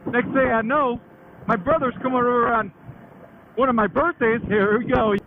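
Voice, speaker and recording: High-pitched guy in his late 30s rambling about his bikes, slangy and cussing, sounds like it's over a phone. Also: fairly even intonation, normal speed. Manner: slangy, chatty, laughs often, swears. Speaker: motorcycle vlogger. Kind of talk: casual rambling storytelling. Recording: tinny phone-like sound with faint noise.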